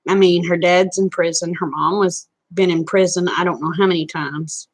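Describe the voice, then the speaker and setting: A woman's voice: on the low side, steady tone, normal speed. A woman chatting casually with viewers on a live stream, folksy and talkative. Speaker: vlogger.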